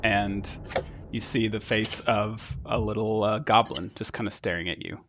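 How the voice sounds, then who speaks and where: A man's voice: on the low side, steady tone, normal speed. A man narrating as game master of a tabletop game, laid-back and hesitant with many fillers. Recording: dull lo-fi audio with loud music.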